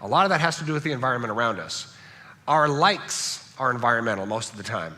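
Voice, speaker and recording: A man from Southern California preaching a sermon as pastor, animated and joking, often checking in with "right?". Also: mid-range voice, fast talker. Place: large church hall. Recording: echoey church hall.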